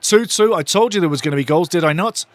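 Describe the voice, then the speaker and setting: A man hosting a live football watch-along, commenting as a fan and talking to the viewers in chat. He gets excitable and loud and swears a lot. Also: high voice, fast talker, dry recording.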